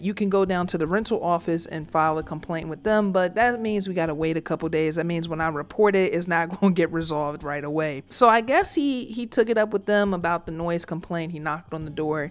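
A woman YouTuber giving casual commentary on a news clip, blunt and profane, joking and breaking into laughter. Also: lowish voice.

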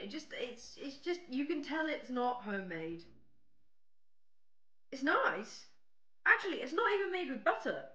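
A woman's voice: a little high, bright, forceful tone. A young British woman chatting casually with her viewers while baking on a livestream. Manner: chatty, rambling, talks to chat. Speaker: streamer. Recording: faint music behind.

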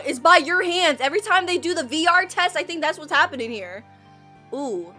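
A woman reacting to an animated video, gasping and crying out at twists and mocking the characters in quick asides. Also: sits high, soft background music.

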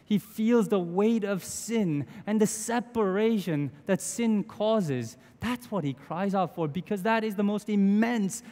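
A man's voice: high voice, measured pace, few pauses, dark tone. A man in his thirties preaching a sermon in an earnest, conversational way, with small restarts. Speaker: pastor. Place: church sanctuary. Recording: long church reverb.

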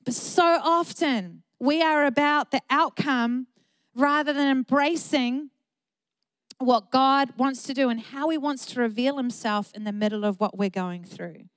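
A woman's voice: fairly high pitch, no room sound. A middle-aged woman pastor, preaching an earnest, emphatic sermon with repeated phrases.

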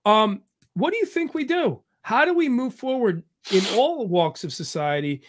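A man's voice: extremely high pitch, expressive, moderate pace, a little hiss or hum. A man hosting a podcast interview, joking around, laughing easily and asking blunt questions. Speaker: podcast host. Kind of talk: casual interview chat.

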